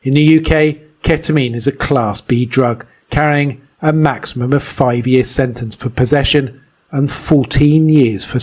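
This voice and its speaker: A man narrating an investigation in a measured, serious scripted read. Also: mid-range voice, darkish tone.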